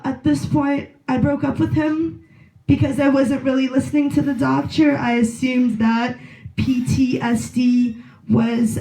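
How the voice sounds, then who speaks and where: A woman in her late twenties doing a deadpan stand-up set at an open mic, rambling with lots of filler words. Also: high voice. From Russia. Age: 20s. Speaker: stand-up comedian. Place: small bar at an open mic. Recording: echoey room.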